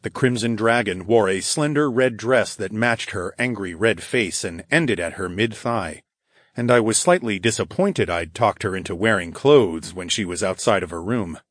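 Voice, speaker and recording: A man reading a first-person fantasy audiobook in an expressive scripted narration. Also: lowish voice, husky, no echo, studio quality.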